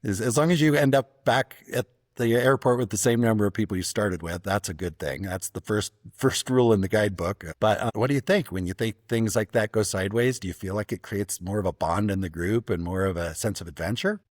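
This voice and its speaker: A man with a fairly low voice hosting a travel podcast. He speaks thoughtfully, often restarting his sentences as he works toward a point. The sound is dry and close to the mic. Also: brisk, few pauses, no echo. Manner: thoughtful, hesitant restarts, storytelling. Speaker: podcast host. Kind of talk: casual interview.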